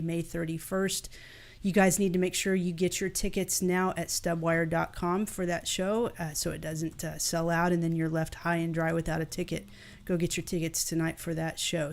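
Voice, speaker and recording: Upbeat woman hosting a music stream. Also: on the low side. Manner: upbeat, gushing, promotional. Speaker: host. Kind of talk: live stream interview and outro.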